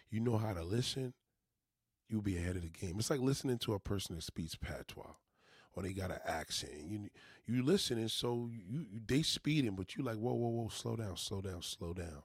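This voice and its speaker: Husky low-voiced New York man. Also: lively intonation, brisk, no room sound, studio quality. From New York City. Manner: loose, profane, rambling street talk with motivational asides. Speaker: vlogger. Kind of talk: casual monologue to viewers.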